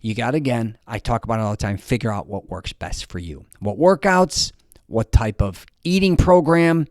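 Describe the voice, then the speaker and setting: A fitness vlogger in his fifties gives blunt, rambling advice straight to camera as a casual motivational talk, swearing freely and restarting sentences. His medium-pitched voice is a little mellow with lively intonation at a moderate pace, in a dry, studio-quality recording.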